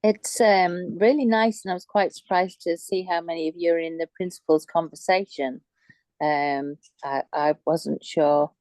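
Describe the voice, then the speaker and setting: A woman sharing on a group video call, talking haltingly with many restarts and fillers. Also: lowish voice, steady tone, darkish tone, no echo, rough recording. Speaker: call participant.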